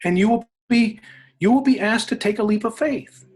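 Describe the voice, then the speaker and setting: A man, an interview guest, retelling a story in an emphatic, animated way, often repeating phrases for weight. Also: high voice, moderate pace. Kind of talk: inspirational storytelling in conversation.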